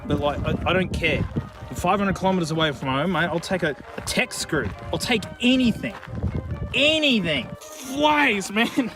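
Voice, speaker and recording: A high-pitched Australian man rambles through a casual outdoor vlog, his voice leaping all over the place as he jokes with the objects he finds. His delivery is excitable and loose, with music playing behind him. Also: measured pace. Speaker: YouTube host. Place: outdoors in remote bushland, plagued by flies.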